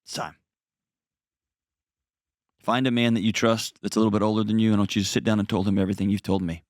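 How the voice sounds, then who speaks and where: A man hosting a call-in advice show speaks fast in a lowish, flat voice. He coaches his caller earnestly and directly, repeating himself for emphasis. The audio, from a close studio mic, is clean and free of room sound.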